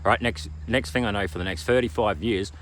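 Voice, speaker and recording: An Australian motivational vlogger speaks briskly in a lowish, slightly bright voice, with a little background noise. His self-help monologue is emphatic and preachy, full of repeated slogans and "all right?" check-ins.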